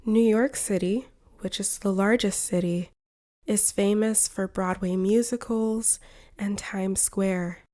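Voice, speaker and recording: A woman from the United States reads a scripted lesson for English learners. She speaks very slowly and carefully, so every word comes through clearly. Her voice is soft and mellow, at a middle pitch. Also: fairly even intonation. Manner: clear, careful and evenly paced. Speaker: English teacher. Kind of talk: slow scripted narration for learners.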